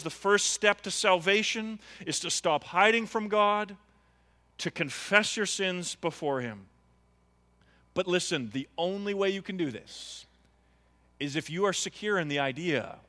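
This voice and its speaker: Earnest preacher with ringing bright voice. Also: male voice, high voice, in a large hall. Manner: earnest, pleading, rising to impassioned appeals. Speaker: pastor. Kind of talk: sermon. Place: church.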